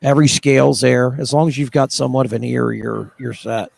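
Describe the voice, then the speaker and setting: A man's voice: mid-range voice, fairly even intonation, fairly quick, creaky, darkish tone, no echo. A man chatting casually on a live stream, telling rambling, profane stories and laughing at himself. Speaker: livestream regular.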